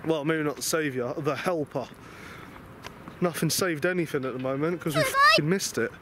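A man's voice: fairly high pitch, huge pitch swings, normal speed, very noisy. A young man from England with an English accent, telling a travel mishap to camera in an exasperated, rambling, self-mocking way, recorded outdoors at night in a city. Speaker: travel vlogger. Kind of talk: casual storytelling to camera.

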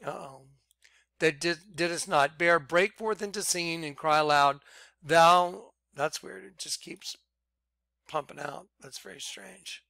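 Emphatic man reading scripture, bright and crisp. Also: on the high side, dry recording. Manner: emphatic, repeats "watch", drawn-out words for emphasis. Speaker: self-styled preacher. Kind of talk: reading scripture aloud with commentary.

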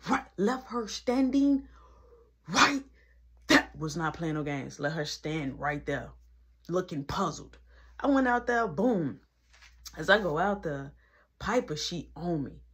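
Husky-voiced young woman telling a story. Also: on the low side. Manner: animated, quick shifts between loud and quiet. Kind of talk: casual storytime.

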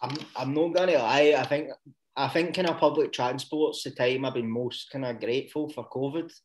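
A man's voice: medium pitch, normal speed. A man with a Scottish accent, telling rambling, sweary stories in casual podcast chat and breaking into laughs. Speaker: podcast co-host.

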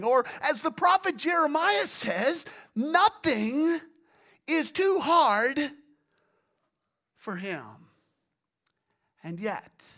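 A pastor preaching a sermon, swinging from hushed, low passages to loud exclamations and acted groans. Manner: illustrates with everyday examples and acted groans.

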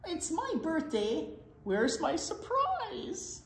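A woman's voice: extremely high pitch, wildly swooping pitch, takes it slowly, fairly bright tone, voice pushed up, full character voice. A woman doing a whiny, stubborn little skunk. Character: fussy young male skunk. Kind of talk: children's picture-book read-aloud. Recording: echoey room.

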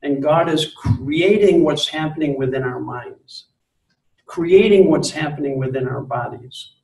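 A man giving a live spiritual talk to an audience, earnest and gently insistent, repeating phrases for emphasis. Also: fairly high pitch, measured pace, gravelly. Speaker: speaker on spirituality. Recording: roomy, distant mic.

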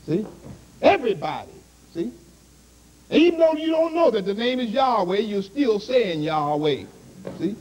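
A man's voice: high-pitched, a little mellow, slight background noise, low-quality recording. A man preaching a sermon to a congregation, constantly asking "see?" and "you understand?".

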